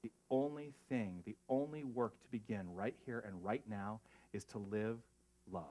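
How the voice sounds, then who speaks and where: A man preaching a sermon as spiritual leader, earnest and emotional, moving between hushed reflection and lively asides. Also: fairly low pitch, measured pace. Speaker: pastor.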